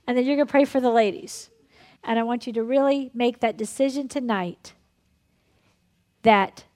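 Lively woman preacher, slightly high voice. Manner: lively, laughing often, conversational preaching; drops to a soft, hushed tone in prayer. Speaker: pastor leading a ministry night. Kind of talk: sermon and guided prayer.

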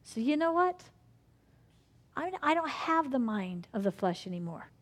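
A woman's voice: sits high, big pitch swings, unhurried. A woman preaching a sermon with fervor, acting out prayers and inner dialogue as she goes.

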